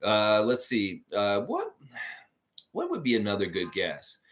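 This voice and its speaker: Animated American man hosting a trivia stream. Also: lowish voice, measured pace. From United States. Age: middle-aged. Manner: animated, reads chat comments aloud, laughs often. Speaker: trivia livestream host. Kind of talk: casual live-stream trivia chat.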